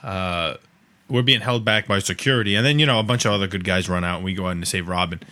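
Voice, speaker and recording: Deep-voiced and fast-talking, this man co-hosts a podcast. He spins long, animated stories in casual conversation, rambling and frequently self-correcting.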